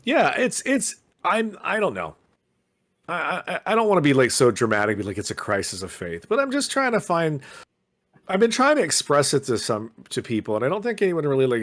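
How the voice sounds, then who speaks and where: A man's voice: fairly high pitch, fairly bright tone. A man co-hosting a podcast in casual chat, rambling and meandering with lots of fillers and restarts. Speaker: podcast co-host.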